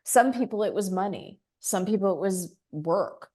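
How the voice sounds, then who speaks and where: A woman in her fifties, a spiritual teacher chatting as an interview guest and telling lively stories with little acted-out voices. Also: medium pitch, moderate pace. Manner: animated storyteller, acts out quoted voices. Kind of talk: casual interview chat.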